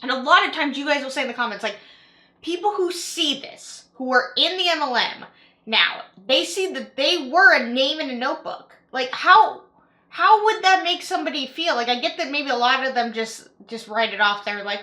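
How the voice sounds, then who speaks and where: Young woman commentator, high bright voice, chatty, lots of "like" fillers, casual reaction talk. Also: animated, moderate pace. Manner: chatty, filler-heavy with frequent "like", repeats herself. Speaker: YouTube commentator.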